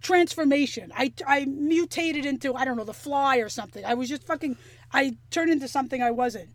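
High-pitched woman telling a wild story, swears a lot, acts out voices, dry close sound. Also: a little fast, no room sound. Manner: animated, profane, acts out quotes. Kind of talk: casual storytelling chat.

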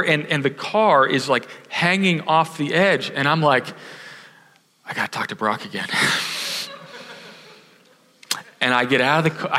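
A male pastor from Houston with a bright, forceful voice, preaching in a room with a long reverb tail. He tells a lively story and switches into other people's voices as he quotes them. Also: fairly high pitch. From Houston, Texas. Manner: animated storyteller, acts out quoted voices, self-deprecating. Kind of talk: sermon with personal storytelling.

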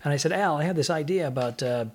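A man's voice: a little high, fast talker, darkish tone. A man co-hosting a comedy podcast in casual chat, making jokey, playful asides. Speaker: podcast co-host.

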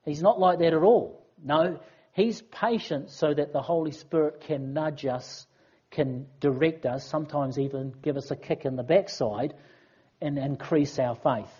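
Husky-voiced preacher. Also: medium pitch, a little slow, dull audio. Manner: conversational, expressive preaching with acted asides. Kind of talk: sermon.

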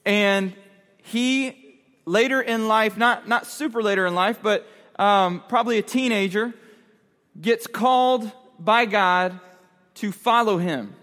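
Speaking slowly in a high, fairly bright voice, a male youth pastor delivers a conversational sermon and poses questions to his listeners. The recording carries long hall reverb.

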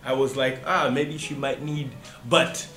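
A man's voice: mid-range voice, steady tone, measured pace, pushed and bright, reverberant, soft background music, poor audio. A man in casual chat, telling a story with lots of fillers and restarts, switching into Swahili now and then. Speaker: podcast guest.

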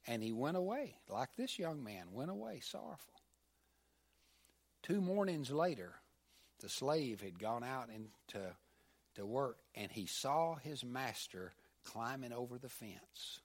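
A man preaching a sermon, telling a story in a halting way and acting out the figures' voices. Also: medium pitch, sing-song. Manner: halting, with many fillers and restarts, voices the figures.

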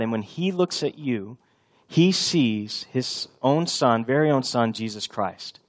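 A man in his thirties preaching a sermon as pastor, earnest, repeating key lines for emphasis and dropping soft for tender passages. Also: mid-range voice, lively intonation, slow. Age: 30s.

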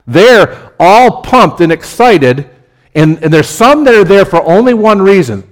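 Animated male pastor preaching. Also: high voice, a little slow. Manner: animated, conversational preaching with rising emphasis. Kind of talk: sermon.

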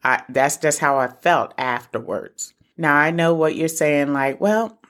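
A woman's voice: sits low, a little slow, a bit bright. A middle-aged woman hosting a casual solo podcast, talking earnestly and encouragingly straight to her listeners. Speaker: podcast host for single moms.

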